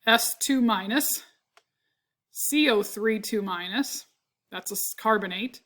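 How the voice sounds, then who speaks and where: A woman's voice: mid-range voice, takes it slowly, fairly bright tone. Congested woman teaching a chemistry lesson. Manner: explains step by step, often asks "right?", corrects herself. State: congested, clearing her throat. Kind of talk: recorded classroom lecture.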